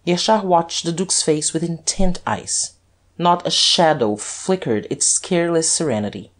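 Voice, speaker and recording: Even-voiced male audiobook narrator. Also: medium pitch, moderate pace. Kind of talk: scripted narration.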